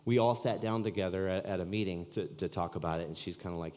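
Male pastor, from California, somewhat low voice, earnest storytelling sermon, long church-hall reverb. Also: quick pace, few pauses, a little mellow. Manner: earnest conversational storytelling preaching.

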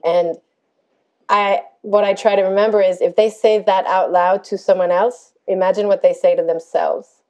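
Woman life coach, mellow and warm, calm and gentle delivery, explaining ideas in a reflective podcast chat. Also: mid-range voice, normal speed, poor audio.

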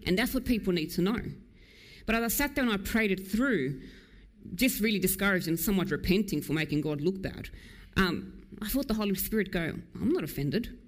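A woman preacher delivering a sermon in a church, earnest and emphatic, quick in places and slow and low on key lines.

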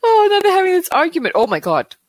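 A woman co-hosting a film reaction chat, reacting excitably with gasps and exclamations. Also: very high voice, fast talker, no room sound, poor audio.

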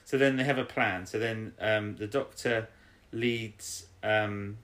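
A man's voice: lowish voice, takes it slowly. Man animatedly retelling a story. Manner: animated retelling with put-on character voices. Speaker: podcast co-host. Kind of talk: casual recap chat.

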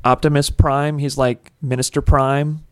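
A man's voice: medium pitch, flat delivery, unhurried, clear, resonant tone, dry recording, clean studio sound. A man co-hosting a podcast in casual chat, rambling and joking goofily. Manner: rambling, goofy, jokey. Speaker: podcast co-host.

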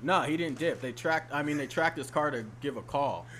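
A young man chatting casually with friends, telling animated, profane stories. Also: fairly high pitch, brisk, a little hiss or hum. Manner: animated storyteller, profane slang. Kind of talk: casual chat.

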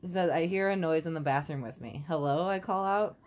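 A woman's voice: low voice, brisk, a little mellow. A woman co-hosting a podcast, chatting casually, laughing often and reading listener stories aloud. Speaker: podcast co-host.

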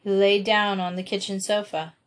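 A woman reading a classic children's novel aloud with steady, expressive storytelling. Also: medium pitch, moderate pace. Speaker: audiobook reader.

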